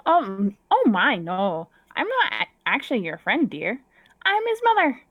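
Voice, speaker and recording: A woman's voice: fairly high pitch, huge pitch swings, unhurried, slightly rough, dry recording, muffled recording, heavily acted. Woman doing a doting old granny from Wisconsin. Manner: genteel, old-fashioned, doting. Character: kindly elderly mother, sweet and fussy.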